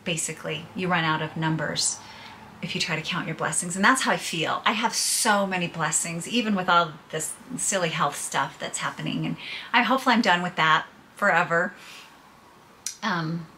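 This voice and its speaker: A woman's voice: on the low side, moderate pace, pushed and bright, slight background noise. A middle-aged woman vlogging to her viewers, telling her personal troubles in a candid, chatty way and laughing through them. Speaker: podcaster and vlogger. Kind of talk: casual personal storytelling to viewers.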